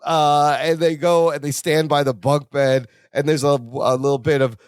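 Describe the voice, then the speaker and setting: Guy co-host doing a sitcom recap, kinda high voice, does goofy character voices, dry close mic. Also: flat delivery, moderate pace, clean tone, no room sound. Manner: playful, mimics characters' voices. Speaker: podcast co-host. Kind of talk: casual chat recapping a sitcom.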